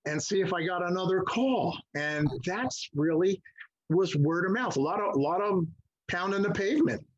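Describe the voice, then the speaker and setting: An older man telling stories in an interview, animated and acting out the voices of people he quotes. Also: high voice, normal speed. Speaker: guest musician. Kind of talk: storytelling interview. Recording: muffled lo-fi audio.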